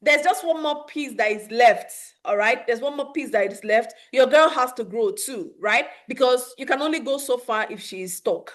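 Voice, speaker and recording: A woman's voice: on the high side, normal speed, hardly any pauses. Earnest woman coaching parents. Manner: earnest, coaching, laughs often; acts out calm soothing quotes. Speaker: parenting coach hosting a webinar. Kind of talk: live webinar talk.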